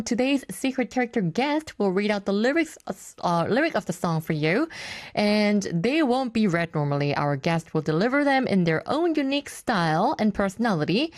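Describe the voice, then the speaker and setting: A woman in her thirties hosts a radio show, switching between languages. She talks at a very fast clip with a lively, animated pitch. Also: no room sound, studio quality. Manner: chatty, switching between Korean and English. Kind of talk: bilingual radio hosting.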